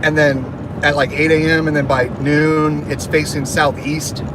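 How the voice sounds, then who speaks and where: A man with a somewhat high, level voice takes his time as he casually vlogs behind the wheel on his highway commute. He jokes and chats as his thoughts roam, and car road noise sits behind his voice.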